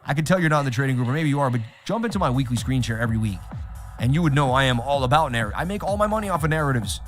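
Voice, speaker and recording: A man hosting a live trading stream, talking straight to his chat in an animated, repetitive way. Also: medium pitch, rapid-fire, faint music behind. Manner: animated, repeats himself, talks straight to chat. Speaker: livestream host. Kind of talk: casual livestream chat.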